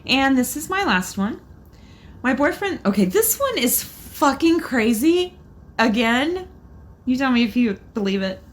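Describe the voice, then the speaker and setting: A woman co-hosting a podcast, reading listener stories aloud in a casual, expressive way. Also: sits high, unhurried. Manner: laughs often, expressive. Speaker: podcast co-host.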